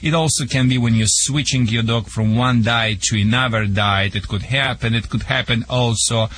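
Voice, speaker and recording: A man with a Russian accent, a dog trainer on a call-in radio show, joking and halting with many fillers. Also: mid-range voice, fairly even intonation, a bit bright, dry recording.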